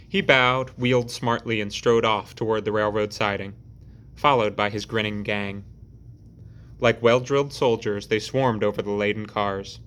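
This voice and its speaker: A man narrating a novel in a steady, measured audiobook reading. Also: on the low side, clean tone. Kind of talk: scripted narration.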